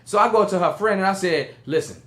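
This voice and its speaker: A man's voice: sits high, quick pace. A young man, telling a story on a podcast and acting out the voices of the people in it. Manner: animated, acts out quoted voices. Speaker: podcast co-host. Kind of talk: casual storytelling chat.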